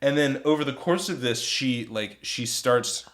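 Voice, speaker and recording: A man's voice: mid-range voice, measured pace, fairly bright tone. A young man co-hosting a podcast, telling a comic story in a profane, rambling way full of "like". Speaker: podcast co-host.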